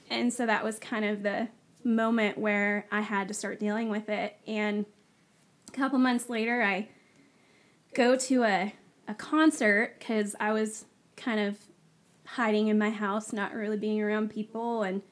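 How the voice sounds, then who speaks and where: A woman, a guest on the show, telling her personal story in a casual, animated way, acting out the dialogue she quotes. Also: mid-range voice, a little slow. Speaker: guest sharing her testimony.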